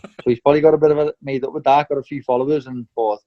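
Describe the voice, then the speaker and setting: A man's voice: mid-range voice, little pitch movement, quick pace. A young man talks bluntly in an interview, swearing freely and dropping "mate" and "lad" as he goes. The recording sounds slightly dull and lo-fi. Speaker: professional boxer. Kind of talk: candid interview.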